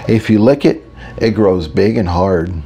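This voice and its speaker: A man's voice: on the low side, measured pace, warm tone, husky. A man voicing Tyler, a playful flirt. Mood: suggestive. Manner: teasing, suggestive.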